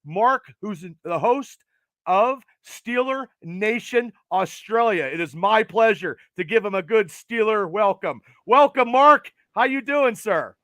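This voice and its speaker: A man's voice: high voice, lively intonation, takes it slowly, sharp tone, no room sound. A man hosting a sports podcast, enthusiastic and talkative. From United States. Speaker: podcast host. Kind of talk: casual sports podcast chat.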